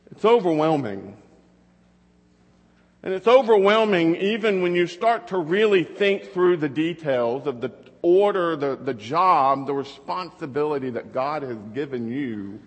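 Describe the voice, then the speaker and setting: Pastor, male, thirties, fairly high voice, easy storytelling sermon, long hall reverb. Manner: conversational storytelling with rhetorical questions.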